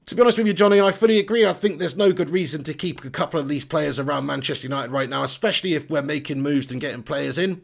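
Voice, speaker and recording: A man hosting a live stream, chatty and energetic, reading out viewer comments. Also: a little high, quick pace, creaky, few pauses. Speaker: football fan channel host.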